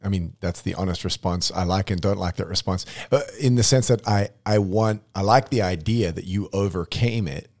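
A man with a very low voice leads a relaxed, rambling conversation. He talks thoughtfully, circling his points and restarting sentences as he goes. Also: normal speed, few pauses. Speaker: podcast host. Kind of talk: casual interview chat.

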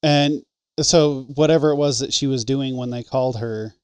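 Male co-host, smooth clear voice, jokey and profane anecdotes. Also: mid-range voice, moderate pace, dry recording. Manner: swearing, joking, quotes people in his stories. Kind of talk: casual storytelling chat.

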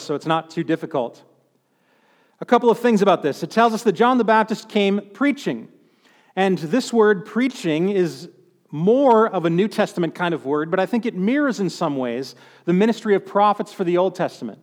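A man's voice: high-pitched, long reverb tail. A man preaching a sermon in a conversational, humorous way, acting out quotes as he goes. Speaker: pastor.

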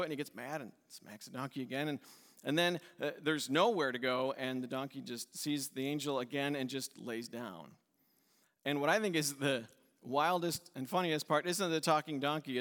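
A pastor giving a conversational sermon, retelling a story and acting out its voices with a light laugh. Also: male voice, fairly high pitch, a bit bright, long reverb tail.

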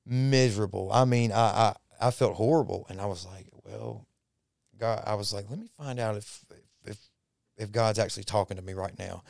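A man's voice: lowish voice, fairly quick, creaky, darkish tone, dry recording, clean studio sound. A man telling a personal faith story in a folksy, repetitive way on a podcast. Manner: folksy Southern-style storytelling, repeats himself when moved. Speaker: podcast guest.

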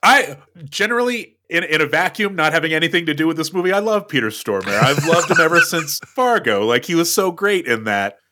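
Bright-voiced wry man recapping. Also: fairly high pitch, big pitch swings, a little fast. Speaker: podcast co-host. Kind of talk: casual chat, recapping a film.

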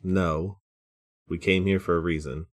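A man's voice: sits low, fairly even intonation, unhurried. A man playing at a tabletop game who asks blunt, short questions. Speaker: player. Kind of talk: casual play at the table.

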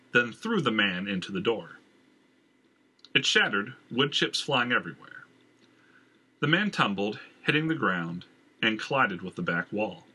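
A man's voice: medium pitch, pushed and bright, breathy edge. A man narrating a fantasy novel aloud in a casual read, dropping in filler ums. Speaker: audiobook reader. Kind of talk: fiction narration.

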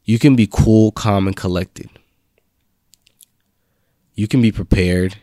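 A man's voice: fairly low pitch, slow, dark tone, no echo, clean studio sound. A young man giving a casual, slangy faith talk that builds into fervent spoken confessions. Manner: laid-back slangy preaching, rising to fervent confessions. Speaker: faith vlog host.

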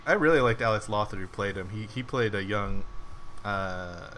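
A man's voice: fairly low pitch, normal speed, fairly bright tone, slight background noise. A man co-hosting a casual review podcast, rambling with lots of "like"s and laughing often. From United States. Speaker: podcast co-host.

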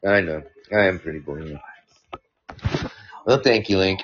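A man's voice: sits low, moderate pace, pauses often, muffled recording, slight background noise. A man hosting a casual podcast, reading listener stories aloud and rambling with many fillers and restarts. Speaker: podcast host.

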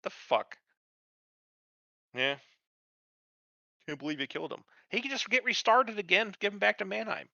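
A man's voice: high voice, big pitch swings, normal speed, gravelly, long pauses, bright, forceful tone, no room sound. A man co-hosting a casual podcast, ranting heatedly and sarcastically, swearing freely and acting out characters as he goes. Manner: heated, sarcastic, acts out characters mid-rant. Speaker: podcast co-host. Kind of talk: casual profane chat reviewing a show. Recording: dull lo-fi sound, dry.

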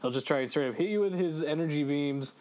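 A man co-hosting a casual video game chat, excitable, swearing freely and laughing often. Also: on the high side, quick pace. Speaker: let's play co-host.

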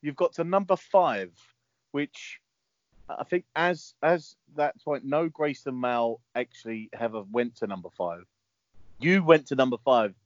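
A man's voice: mid-range voice, a little slow, no echo. A man, teasing his co-host in casual podcast chat and hesitating with fillers. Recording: dry, dull lo-fi sound.

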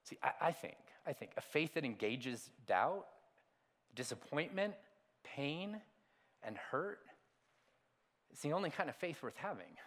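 High-voiced man preaching a dynamic sermon. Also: very animated, unhurried, pauses often. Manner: dynamic preaching, swings from hushed to loud; rhetorical questions to the congregation. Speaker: pastor.

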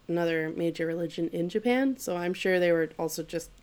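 A woman's voice: fairly low pitch, a little fast, darkish tone. A woman casually retelling an anime plot, swearing offhandedly and laughing as she goes. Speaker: podcast co-host. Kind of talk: casual chat recapping an anime.

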